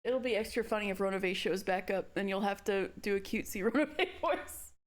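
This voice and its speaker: A woman's voice: medium pitch, brisk. A woman streamer reading a visual novel aloud, playful and giggly, giving the characters voices.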